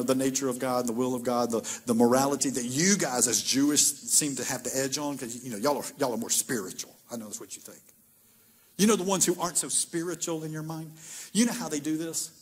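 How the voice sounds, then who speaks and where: Husky-voiced pastor preaching conversationally. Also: male voice, a little high. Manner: conversational, animated, acts out biblical dialogue. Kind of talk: sermon.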